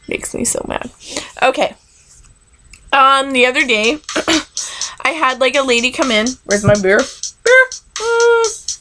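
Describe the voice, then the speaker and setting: A young woman rants about fitting room customers in a casual vlog. Her voice is bright and a little high, with an exasperated, sarcastic edge and a constant "like". Faint music plays behind her. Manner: exasperated, sarcastic, heavy use of "like", acts out customers.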